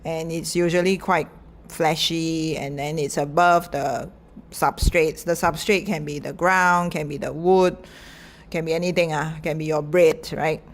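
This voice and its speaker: A woman's voice: sits low, steady tone, unhurried. A middle-aged woman lecturer, explaining in a chatty, informal way with many fillers and small laughs.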